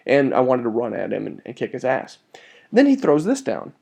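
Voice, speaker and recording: Excitable man with a mellow voice. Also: normal speed, creaky, highs cut off. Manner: excitable and animated, jumping up in pitch and swearing casually. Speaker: tabletop wargaming hobbyist presenting a battle report. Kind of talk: casual battle report narration.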